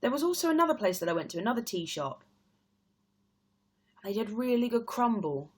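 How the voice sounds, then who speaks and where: A woman's voice: on the high side, sing-song, a little fast, slightly rough. A young woman with an English accent, chatting casually on a live stream and reading out viewers' comments, rambling with lots of fillers. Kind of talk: casual chat.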